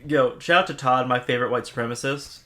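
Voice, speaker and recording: A man's voice: medium pitch, fast talker, pushed and bright. A man co-hosting a podcast, bantering and joking and cutting in on the others. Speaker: podcast co-host. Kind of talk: casual chat.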